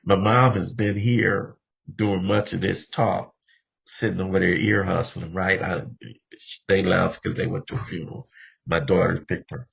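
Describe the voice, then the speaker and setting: Low-pitched, gravelly and husky, a man in his seventies from Los Angeles shares his personal recovery story as the meeting's speaker, storytelling conversationally and often speaking right to the room. His delivery is flat and his pace measured.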